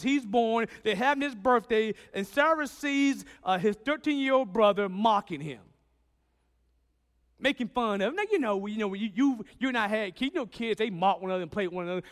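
A man preaching a sermon, swinging from loud, emphatic lines to quiet ones and acting out Bible characters. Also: very high voice, in a large hall.

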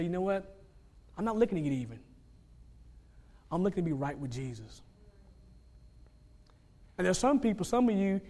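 Male preacher, high voice, dynamic delivery that drops soft then builds loud, acts out quoted speakers. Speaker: pastor. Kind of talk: sermon.

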